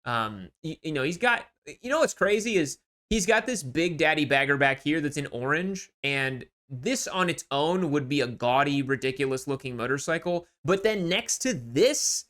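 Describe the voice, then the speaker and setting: A man hosting a motorcycle channel, giving casual, sarcastic and animated commentary as he mocks online sale listings. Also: on the high side, normal speed, few pauses.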